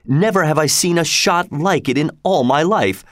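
A man voicing a giant, proud male stranger who talks bluntly and boastfully, slightly higher than his narrating voice. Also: animated, moderate pace, fairly bright tone, no room sound, studio quality.

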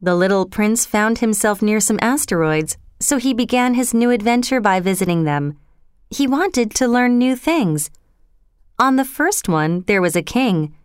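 A woman reads a storybook aloud at a slow, unhurried pace, with lively rises and falls in her voice. Her tone is smooth and clear, and the recording is close and dry. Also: medium pitch, dry recording. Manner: slow and expressive.

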